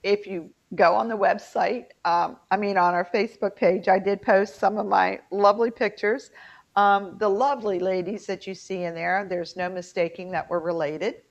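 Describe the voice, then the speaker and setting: A woman's voice: mid-range voice, fairly even intonation, moderate pace, creaky. A middle-aged woman with an Appalachian twang, co-hosting a casual chat and telling stories with lots of fillers. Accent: Appalachian mountain twang. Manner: chatty storyteller, lots of fillers. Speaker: co-host. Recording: muffled lo-fi audio.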